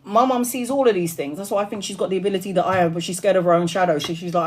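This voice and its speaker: A chatty woman talks into her phone on a long live stream, her voice tired after hours on air. She tells stories in a loose, animated way, laughs often and swears without a second thought. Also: on the low side, racing. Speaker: tarot reader streaming live. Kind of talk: casual live-stream chat.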